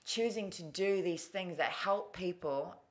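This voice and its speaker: Candid low-voiced woman. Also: unhurried. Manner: candid, emotional, swears casually. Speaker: guest. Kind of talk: candid storytelling interview.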